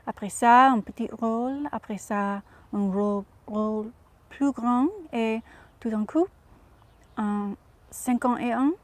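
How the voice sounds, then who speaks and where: A woman impersonating a gracious 1950s film star, reading an interview answer in careful, halting French. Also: fairly high pitch, steady tone, lightly acted. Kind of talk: reading an interview aloud in character.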